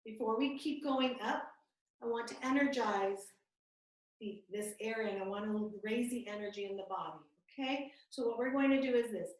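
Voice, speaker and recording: A woman leads a yoga class with a gentle, soothing manner and a slightly raised pitch. She sounds set back from her computer mic, and her voice rings in a very echoey room over the video call. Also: moderate pace, far from the mic. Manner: gentle, calm, soothing cues. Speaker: yoga instructor. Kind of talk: guided yoga class instruction.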